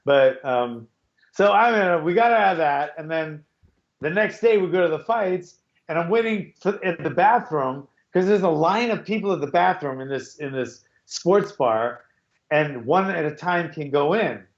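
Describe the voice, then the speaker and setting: A man's voice: a little high, expressive, moderate pace. A middle-aged man hosting a podcast over a video call, telling a rambling story full of restarts. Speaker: podcast host. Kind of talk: casual chat. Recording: echoey, dull call audio.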